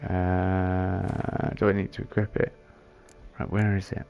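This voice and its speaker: A man's voice: low-pitched, completely flat delivery, slow, gravelly, a little mellow, lo-fi sound, faint music behind. A man giving casual commentary on a game he plays, muttering and reading item descriptions aloud as he thinks it through. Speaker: gaming channel host.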